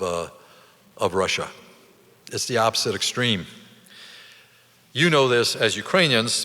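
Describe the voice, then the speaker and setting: A low-pitched man with a forceful, tense voice delivers a commemorative lecture with emphatic, deliberate phrasing and rhetorical questions. His words ring out with a long reverb tail in an event hall. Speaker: guest speaker.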